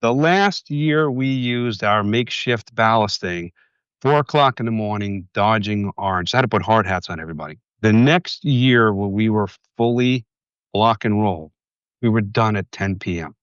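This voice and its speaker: Lower-voiced New York City man telling stories. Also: normal speed, clear, resonant tone, no echo, highs cut off. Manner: lively anecdotal storyteller. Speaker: podcast guest, industry board chair. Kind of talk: casual podcast chat.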